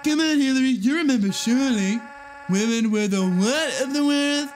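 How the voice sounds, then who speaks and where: A blustering, boastful older man of politics, put on by a woman streamer, taunting with short, repeated jabs. The voice sits near her own pitch but pushes louder and broader, with a swaggering, mocking lilt. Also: expressive, moderate pace, slight background noise.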